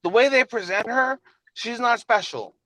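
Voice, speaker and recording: A man with a New York accent co-hosting a podcast, talking in animated, profane casual chat and cutting across the others. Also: very high-pitched, normal speed, no room sound, poor audio. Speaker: podcast co-host.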